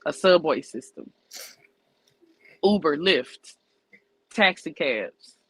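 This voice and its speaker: Blunt bright-voiced woman podcaster. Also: low-pitched, animated, takes it slowly, slightly rough, low-quality recording. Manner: blunt, emphatic, breaks points into numbered lists. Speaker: podcast co-host. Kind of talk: casual opinionated chat.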